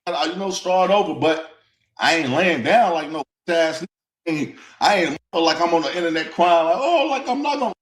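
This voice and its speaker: A man's voice: a little high, fairly even intonation, moderate pace, echoey room. A man in his thirties speaking bluntly and defiantly in a casual interview. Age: 30s.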